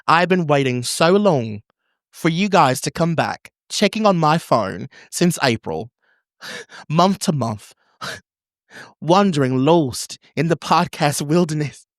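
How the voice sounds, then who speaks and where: A man's voice: fairly high pitch, expressive, slow pace, no room sound, clean studio sound, pitched above the performer's own voice. A man reading a listener letter in an exaggerated put-on Australian accent, playing a cheerful Australian fan. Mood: hammy. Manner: exaggerated, sighing, playful. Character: over-the-top Australian letter writer, male, cheerful.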